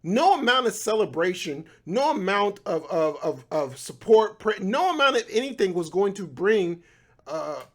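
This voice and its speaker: A man's voice: sits high, big pitch swings, normal speed. A man in his thirties hosting his own podcast, talking casually with laughing asides and frequent restarts. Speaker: podcast host. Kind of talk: casual solo commentary.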